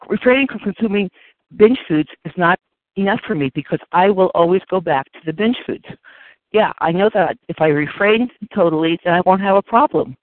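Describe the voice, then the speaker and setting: A woman sharing her story at a recovery meeting, earnest and halting, often repeating her phrases. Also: lowish voice, dry recording. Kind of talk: personal share at a recovery phone meeting. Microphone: phone line. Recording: tinny phone line.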